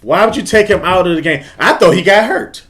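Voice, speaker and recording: A man's voice: high-pitched, lively intonation, fairly quick, fairly bright tone. Emphatic man hosting a fan stream. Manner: repeats himself, frustrated and emphatic. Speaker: host of a fan live stream. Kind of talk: casual live-stream sports talk.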